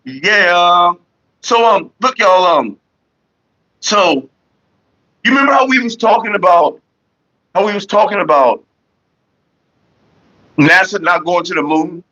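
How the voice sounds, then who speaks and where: A man hosts a casual livestream, rambling through stories and calling out to viewers in the chat. His voice is bright and a little husky. The stream audio sounds dull and lo-fi. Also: sits high, measured pace, pauses often. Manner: loose storytelling, greets chat viewers. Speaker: livestream host.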